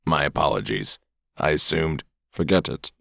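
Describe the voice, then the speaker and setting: An actor playing a gruff, protective young man who speaks curtly and demandingly. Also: extremely low pitch, animated, normal speed, a bit bright, no echo, studio quality, heavily acted. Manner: demanding, curt.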